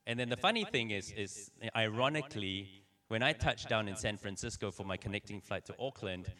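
A man preaching a sermon, telling personal stories in an animated way and acting out the dialogue. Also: fairly low pitch. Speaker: pastor. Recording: voice somewhat distant from the mic.

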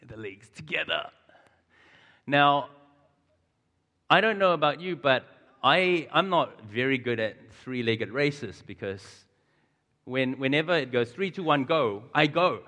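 New man, 30s, conversational preacher, bright forceful tone, long hall reverb. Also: mid-range voice. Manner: chatty, audience questions, frequent chuckles. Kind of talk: conversational sermon. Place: large church hall.

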